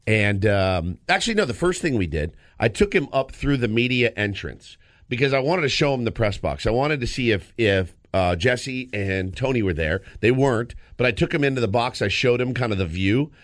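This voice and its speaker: A man co-hosting a sports radio show, telling a story in a lively, casual way with frequent restarts, in a studio. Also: medium pitch, normal speed, no echo. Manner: animated storyteller, lots of restarts.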